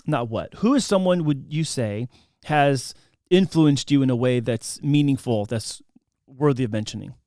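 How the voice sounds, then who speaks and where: A man's voice: mid-range voice, moderate pace, dark tone, no echo, studio quality. A man hosting a casual interview, asking questions in a friendly, upbeat way with many fillers. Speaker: host.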